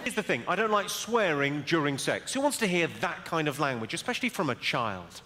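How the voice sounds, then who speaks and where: A man performing a stand-up routine, delivering deadpan one-liners and teasing the crowd. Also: on the high side, fairly quick. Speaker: stand-up comedian. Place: comedy venue stage. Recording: reverberant venue audio with loud crowd noise.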